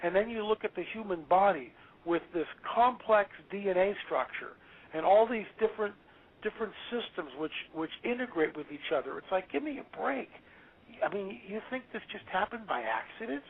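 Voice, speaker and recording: A male author talking as an interview guest, emphatic and preachy, quick to exclaim. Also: high-pitched, animated, a little hiss or hum. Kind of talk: animated interview talk. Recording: tinny phone-line audio.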